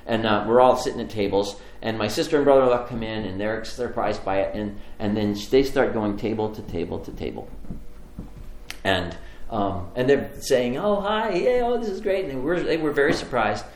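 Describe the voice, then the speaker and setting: A man telling a personal story in a sermon with lively, rising storytelling, then leading a slow prayer. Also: slight background noise. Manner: animated storytelling, climbing high in pitch when excited. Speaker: pastor. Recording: echoey room.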